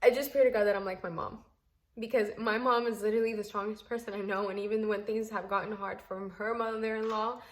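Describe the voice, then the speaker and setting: A woman's voice: mid-range voice, a little hiss or hum. A young woman telling a storytime vlog to camera, heated and emphatic, at times tearful and earnest. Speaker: vlogger.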